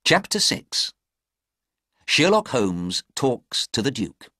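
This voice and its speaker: A man narrating a story slowly and clearly for English learners. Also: mid-range voice, very animated.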